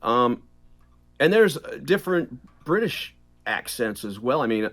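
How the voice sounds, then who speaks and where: A middle-aged man, a voice actor, chatting as an interview guest, animated and quick to laugh, drifting in and out of accents. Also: medium pitch, soft background music. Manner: animated, laughs often, slips into accents mid-sentence. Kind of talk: casual interview chat.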